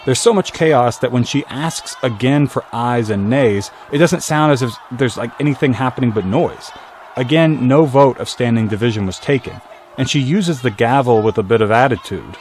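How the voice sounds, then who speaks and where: Male commentator, steady scripted voice-over, mid pitch. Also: moderate pace, a little hiss or hum. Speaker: video commentator.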